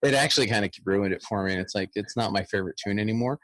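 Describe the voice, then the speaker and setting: A man's voice: lowish voice, racing, a bit bright, no room sound. A man in his thirties, a guest bagpiper, chatting animatedly in a podcast interview and humming tunes aloud.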